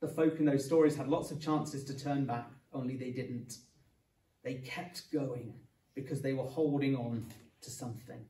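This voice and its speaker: A man's voice: medium pitch, fairly even intonation, normal speed, dark tone. Man preaching in an echoey church hall. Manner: earnest, explanatory, with light humour. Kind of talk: sermon. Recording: echoey church room from a distance.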